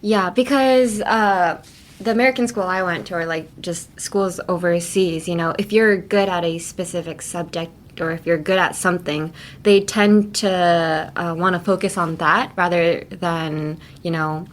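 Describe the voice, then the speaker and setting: A young adult woman hosting a casual English lesson podcast, chatty and laughing often as she slowly models phrases. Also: lowish voice, fairly even intonation. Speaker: English teacher host.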